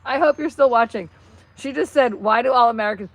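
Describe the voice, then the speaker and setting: A middle-aged woman with a New Jersey accent, hosting a casual live stream and reacting excitedly to viewer comments. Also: fairly high pitch, fairly quick. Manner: chatty, excitable, reads viewer comments aloud. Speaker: channel host.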